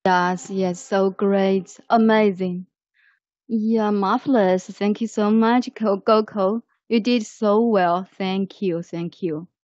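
Slow, lavishly praising woman teacher. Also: medium pitch, steady tone, a little mellow, dry recording. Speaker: English teacher. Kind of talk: online language lesson. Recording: muffled online call audio.

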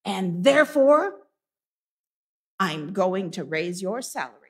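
Woman voicing Scrooge, a gruff old miser. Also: medium pitch, big pitch swings, a little slow. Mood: hearty. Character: gruff old male miser turned generous.

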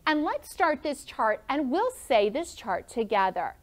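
A woman's voice: high voice, very animated, a little slow. A woman teaching a first grade classroom lesson, upbeat and encouraging as she calls on pupils by name. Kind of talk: classroom lesson for students and viewers.

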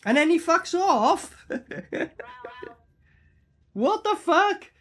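A man's voice: extremely high pitch, extremely slow. A man with a British accent casually reacting to a horror film, swearing and laughing. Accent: British English. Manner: animated, swearing, laughing, repeats film lines. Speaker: movie reaction host.

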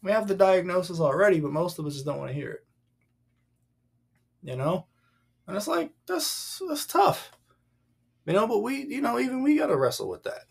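A man co-hosting a casual Bible discussion podcast, emphatic and animated, acting out the dialogue as he talks. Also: high voice, fast talker, creaky, husky. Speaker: podcast co-host.

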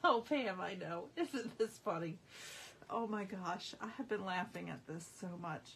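A woman's voice: medium pitch, measured pace, gravelly, fairly bright tone, slight background noise. A woman hosting a live craft stream, chatty and easily amused as she shows off patterned paper at home. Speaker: craft demonstrator. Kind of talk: live-stream product showing.

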